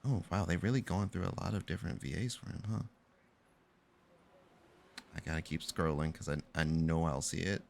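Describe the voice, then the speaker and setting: A man's voice: sits low, moderate pace, creaky, pauses often. A young man chatting casually on a live stream, rambling and correcting himself as he tells a story in slangy talk.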